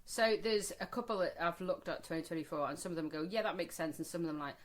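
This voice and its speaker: A woman's voice: fairly low pitch, fast talker. A middle-aged woman co-hosting a podcast in casual chat, telling stories with laughter and easy swearing. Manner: chatty, swears freely, laughs through stories. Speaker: podcast co-host.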